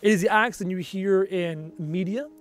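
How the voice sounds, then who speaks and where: A young Canadian livestream gamer with a Canadian accent talks in a high voice at a moderate pace. He chats casually, thinking aloud and replying to viewers' comments.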